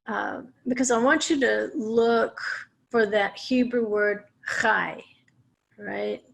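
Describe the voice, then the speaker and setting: A woman's voice: fairly high pitch, steady tone, slow pace, gravelly. A woman teaching a Torah portion lesson, explaining Hebrew words step by step with small restarts. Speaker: Bible teacher.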